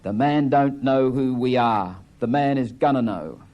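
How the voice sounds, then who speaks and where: A man reading aloud as an angry grown son confronting his father, raised and forceful. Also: medium pitch, unhurried, highs cut off, close to an everyday voice.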